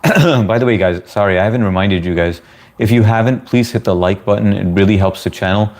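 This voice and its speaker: Answering his livestream chat, a talkative, easygoing American guy keeps things casual. His lowish, slightly dark voice moves along briskly.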